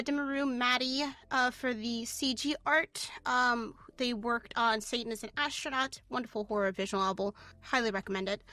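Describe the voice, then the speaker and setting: A woman's voice: a little high, sharp tone, clear, resonant tone, no room sound. A woman game developer talking animatedly in a casual interview, laughing often and restarting her sentences. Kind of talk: casual chat.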